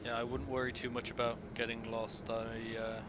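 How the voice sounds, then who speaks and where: A man playing a tabletop game, talking in character in a confident, brisk way. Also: medium pitch, completely flat delivery. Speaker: player. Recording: very noisy online call audio.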